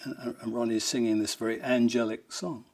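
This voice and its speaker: A man's voice: mid-range voice, fairly even intonation, fairly quick. A man, a rock guitarist, telling fond, rambling anecdotes in an interview, amused and laughing now and then.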